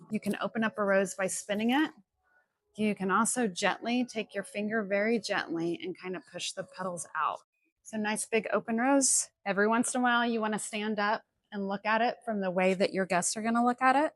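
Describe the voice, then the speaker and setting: A woman's voice: medium pitch, dry recording. A middle-aged woman florist gives a friendly, chatty hands-on tutorial, explaining each step as she works. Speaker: florist demonstrating a flower arrangement. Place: indoors at home, music playing in another room.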